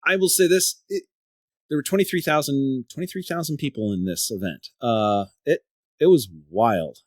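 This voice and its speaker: Male podcast host, middle pitch, casual rambling storyteller, dry close sound. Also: moderate pace, no room sound. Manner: rambling storyteller, repeats and restarts words. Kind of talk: casual chat.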